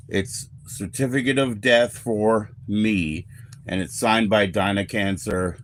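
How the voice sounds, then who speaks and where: A man's voice: lowish voice, slow pace, a bit bright, slight background noise, low-quality recording. A man in his forties rambling and swearing casually as he hosts a livestream from his kitchen and talks to viewers. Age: 40s. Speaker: livestream host. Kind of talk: casual livestream chat while cooking. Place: home kitchen.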